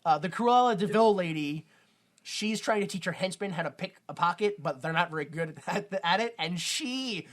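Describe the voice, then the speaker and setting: A man's voice: high-pitched, expressive, normal speed, a bit bright. A man co-hosting a podcast, recapping a film in a rambling, casual way and laughing at his own retelling. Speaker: podcast co-host.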